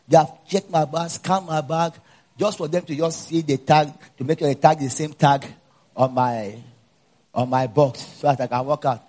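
Nigerian man, pastor, husky voice, higher pitched, sermon storytelling, low asides then loud preaching. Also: fairly even intonation, normal speed.

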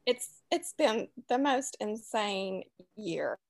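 A woman's voice: mid-range voice, expressive, slow, gravelly, a little hiss or hum. A middle-aged woman with a Southern US accent, chatting as a guest author in a casual interview, rambling and laughing easily. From Louisiana.

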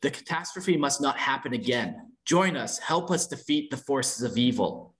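A man reading as a calm, earnest god-king. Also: medium pitch, normal speed, close to an everyday voice. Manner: calm, pleading, formal. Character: godlike male warrior-king, calm and earnest.

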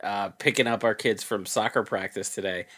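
A man's voice: lowish voice, steady tone, moderate pace, a bit bright. A man co-hosting a podcast, telling easygoing anecdotes in casual chat. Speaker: podcast co-host.

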